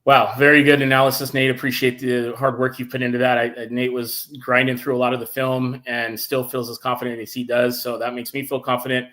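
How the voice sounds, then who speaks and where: A man hosting a casual sports talk show, enthusiastic and animated, reading out viewer comments. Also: mid-range voice, a little fast, few pauses. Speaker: podcast host.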